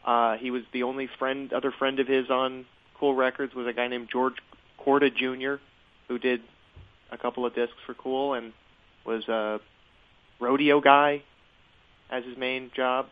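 A man in a casual podcast conversation, remembering a friend as a guest and talking haltingly with many fillers and restarts. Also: medium pitch, little pitch movement. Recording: tinny phone-like line.

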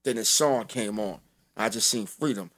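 A man guest on a podcast, telling a story in an animated way, acting out other people's lines and laughing as he talks. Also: on the low side, normal speed. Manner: laughs often while telling. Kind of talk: casual storytelling.

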